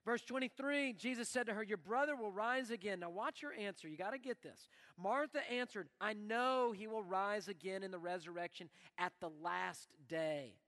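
A man preaching a sermon as pastor in a church, animated and acting out the prayers he quotes. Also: high-pitched, normal speed, few pauses. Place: church sanctuary. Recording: long reverb of a church hall.

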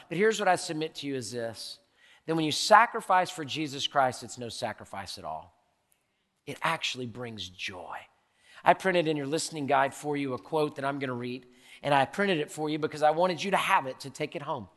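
A middle-aged man preaching a sermon as pastor, impassioned, swinging from loud bursts to hushed lines. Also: fairly high pitch, animated, moderate pace, in a large hall.

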